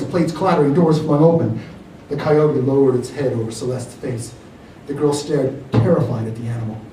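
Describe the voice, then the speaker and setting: A man, an author, reads his own fiction aloud at a library event in a measured, expressive storytelling manner. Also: mid-range voice. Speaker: author reading his work. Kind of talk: live reading of fiction. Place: library reading room. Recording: roomy hall from far off, faint noise.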